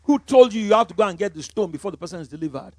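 A Nigerian man preaching a sermon as pastor, emphatic, swinging from loud declarations to quiet asides. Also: high-pitched, expressive, racing, no room sound.

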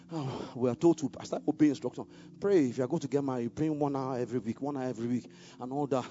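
A man preaching a sermon, swinging from low musing asides to loud, fervent exhortation, and laughing often. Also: lo-fi sound, a little hiss or hum.

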